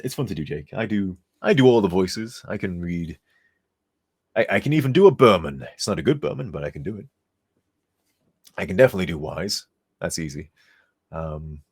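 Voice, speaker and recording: In casual live-stream chat, a weary man who mods games rambles on, chuckling while he reads the chat aloud, now and then turned away from the desk mic. He has a deep, husky voice.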